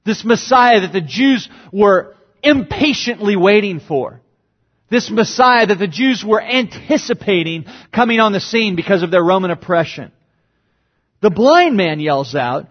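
A pastor preaches a sermon, explaining a passage verse by verse with lively intonation at an unhurried pace. He's dynamic, acting out quoted cries with sudden, big jumps in pitch, and the audio sounds dull.

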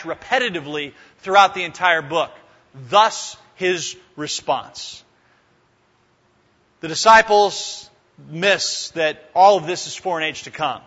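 A man preaching a sermon in an animated way, voicing sarcastic paraphrases with exaggerated emphasis. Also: high voice. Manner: animated, shifts into mock voices for sarcastic paraphrase. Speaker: pastor. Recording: dull lo-fi sound with long hall reverb.

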